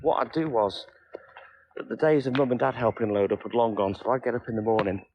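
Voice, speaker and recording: A man from North Wales with a North Welsh accent hosts a livestream, chatting casually and wryly and answering viewers by name. His medium-pitched voice is fairly even and a little fast, on dull audio with a little hiss or hum.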